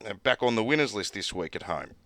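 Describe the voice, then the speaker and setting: A hoarse Australian man hosting a sports show, running briskly through team news. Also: fairly low pitch, animated, sharp tone.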